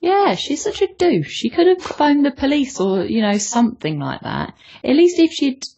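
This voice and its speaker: A woman co-hosting a podcast in relaxed casual chat, giving her opinions on a manga chapter. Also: sits high, normal speed, dull audio. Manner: relaxed, opinionated, with fillers and restarts. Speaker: podcast co-host.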